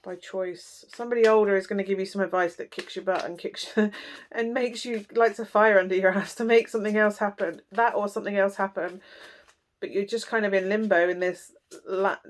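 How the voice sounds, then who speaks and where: A woman's voice: mid-range voice, fairly even intonation, a little fast. A woman giving a casual tarot reading, talking bluntly and chattily with lots of fillers. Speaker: tarot reader.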